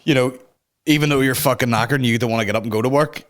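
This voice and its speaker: Young male podcast host, mid-pitched, sweary comic rambler, recorded at home. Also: racing. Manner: sweary, rambling, self-mocking. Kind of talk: casual comedic rant. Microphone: talking to a camera.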